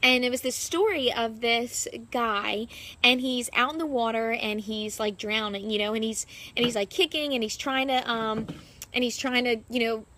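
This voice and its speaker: A woman's voice: on the high side, normal speed, sharp tone, a little hiss or hum. A young woman, a fitness coach, talking casually to her followers from her backyard. She rambles and fills her sentences with "like". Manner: rambling, heavy use of "like" fillers. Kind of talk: casual vlog monologue. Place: backyard, outdoors.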